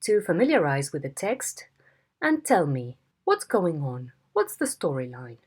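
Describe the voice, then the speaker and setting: A woman teaching a phonetics lesson in a slow, deliberate way, demonstrating tones. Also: low voice, wildly swooping pitch, darkish tone, breathy edge. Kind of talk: video lesson instruction.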